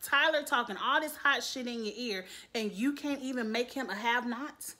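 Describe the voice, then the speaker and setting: A woman's voice: a little high, normal speed, sharp tone. A woman giving a blunt, sassy and profane recap rant about a reality show, swearing freely and laughing between points.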